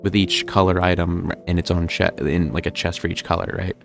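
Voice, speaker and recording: A man's voice: sits low, little pitch movement, brisk, vocal fry, music in the background. A young man with a New Jersey accent doing live-stream gameplay commentary, rambling and thinking aloud with lots of fillers.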